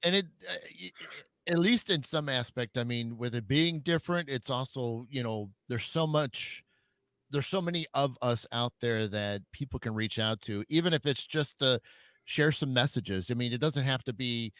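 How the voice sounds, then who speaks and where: A man's voice: mid-range voice, moderate pace, a bit bright, no echo. A man hosting an internet radio talk show about mediumship, speaking hesitantly and often stammering and restarting his phrases. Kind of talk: casual radio conversation.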